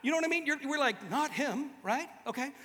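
A man preaching a humorous sermon to a live audience, animated and joking, acting out the voices he quotes. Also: extremely high pitch, fast talker, long reverb tail. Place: large hall with an audience.

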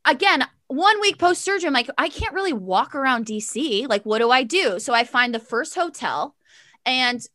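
Young woman chatting, high bright voice, sassy and animated, lots of likes and ums. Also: moderate pace, dry recording. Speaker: guest telling a story. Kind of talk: casual storytelling chat.

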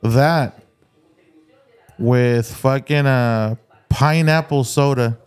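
A middle-aged man swapping stories on a podcast. He talks loosely and swears freely. His delivery turns animated when he gets into a story. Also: medium pitch, extremely slow, clean tone, faint music behind. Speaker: podcast co-host. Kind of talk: casual chat.

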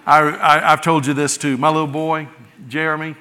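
Preaching man with a bright, ringing voice. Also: a little high, little pitch movement, moderate pace, slight background noise. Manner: emphatic preaching, swells loud then drops soft. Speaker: pastor. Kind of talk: sermon. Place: large church sanctuary. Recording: church hall reverb.

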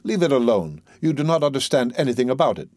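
A man's voice: mid-range voice, sing-song, quick pace, a little mellow, dry recording, studio quality, natural voice. A man reading the part of a stern father who dismisses his youngest son. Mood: dismissive.

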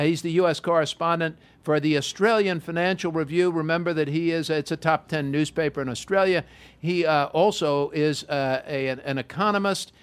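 A man hosting a podcast in a high-ish, talkative voice. He jokes easily and fills pauses with ums and uhs as he introduces his guests. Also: a bit bright. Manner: chatty, jokey, hesitant fillers. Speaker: podcast host. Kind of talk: casual talk show hosting.

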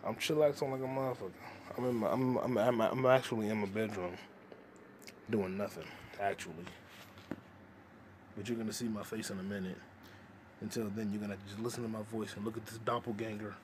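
A man's voice: on the low side, fairly even intonation, a little fast, pauses often, noisy background. A young man hosting a podcast alone, rambling in a crude, profane, joking stream of consciousness. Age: young adult. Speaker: podcast host. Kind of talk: casual solo rambling.

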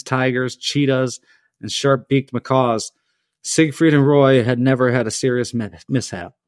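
A man's voice: mid-range voice, no room sound. A man telling a story on a casual podcast, reading from his script but breaking off for offhand asides. His voice sits in the middle of the range. It is recorded close and dry. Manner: laid-back, reading with asides and chuckles. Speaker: podcast host.

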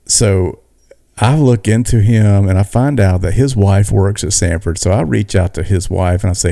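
A man co-hosting a podcast, telling a story in a casual, animated way with many restarts. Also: fairly low pitch, moderate pace, vocal fry, dry recording, clean studio sound. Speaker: podcast co-host. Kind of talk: casual chat.

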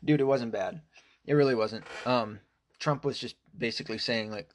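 A man's voice: mid-range voice, normal speed. A man delivering an angry, profane political rant, full of fillers and restarts. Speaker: political commentator.

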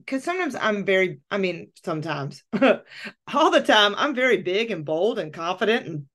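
Woman coach chatting casually, tells her story animated, voices her own thoughts. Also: mid-range voice, normal speed. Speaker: coach and podcast host. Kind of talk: casual conversation.

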